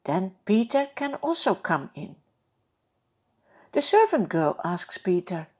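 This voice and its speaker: A woman narrating a Bible story for children, reading slowly and expressively and asking her young listeners direct questions. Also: medium pitch, very animated, a little mellow, breathy edge.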